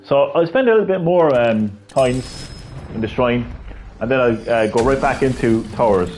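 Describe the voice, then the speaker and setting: A man's voice: mid-range voice, expressive, moderate pace, darkish tone, slight background noise. A man live-streaming a video game, with rambling, profane, ranting commentary.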